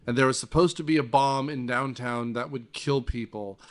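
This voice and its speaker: A man hosting a casual movie-review podcast, retelling the plot with lively, swearing energy. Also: medium pitch, normal speed. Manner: animated, swearing, acts out scenes. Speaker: podcast host.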